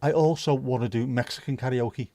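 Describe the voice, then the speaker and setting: A man's voice: mid-range voice, fairly even intonation, fairly quick, dark tone, no room sound. A man hosting a casual livestream, chatting loosely, reading out viewer comments and joking around with plenty of swearing. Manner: rambling, jokey, swears freely. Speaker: livestream host.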